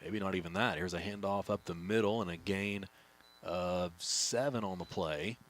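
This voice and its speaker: Low-voiced man calling play-by-play. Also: moderate pace. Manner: steady, speeds up on big plays. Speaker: play-by-play announcer. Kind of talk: play-by-play commentary.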